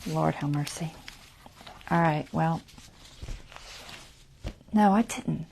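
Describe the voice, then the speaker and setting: A woman's voice: deep voice, slow pace, gravelly, warm tone, a little hiss or hum. A woman hosting a casual craft tutorial livestream, chatty and self-deprecating, talking herself through each step and muttering half-whispered asides.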